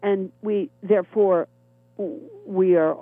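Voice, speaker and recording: A middle-aged woman comedian with a deep, gravelly voice and a chronic cough, chatting in a wry, rambling, self-deprecating way as an interview guest. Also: steady tone, takes it slowly, no room sound. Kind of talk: phone interview chat. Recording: tinny phone line.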